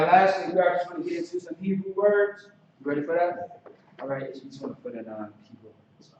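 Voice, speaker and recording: A man teaching a language class in a relaxed, halting way, with many fillers and restarts. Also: high-pitched. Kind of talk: casual classroom instruction. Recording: echoey, distant, dull lo-fi recording with some noise.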